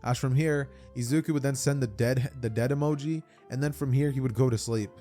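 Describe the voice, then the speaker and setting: A man's voice: mid-range voice, steady tone, fairly quick, dark tone, soft background music. A young man casually telling a fan-fiction story, rambling with stammered repeats and many fillers.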